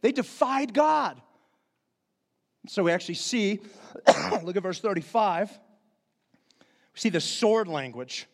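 A man's voice: sits high, lively intonation, slow pace, vocal fry, pauses often, big-room sound. A middle-aged man preaching a sermon as pastor, earnest and emphatic, repeating key phrases for stress.

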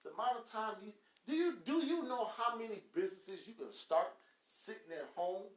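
A man hosting a podcast launches into a harsh motivational tirade, scolding listeners and ridiculing people with quacking sounds. His voice is high-pitched and animated at a moderate pace, and the room echoes.

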